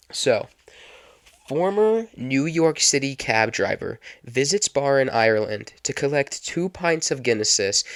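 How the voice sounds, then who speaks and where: A man's voice: medium pitch, fairly bright tone, no echo, clean studio sound. A young man hosting a casual solo podcast, rambling chattily and repeating his phrases. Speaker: podcast host.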